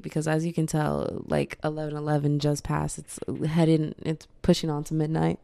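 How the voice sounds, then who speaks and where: A woman's voice: low-pitched, completely flat delivery, normal speed, creaky, mellow, no echo. A tired young woman hosting her own podcast, chatting in a rambling, self-mocking way late at night. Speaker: podcast host. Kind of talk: casual solo podcast chat.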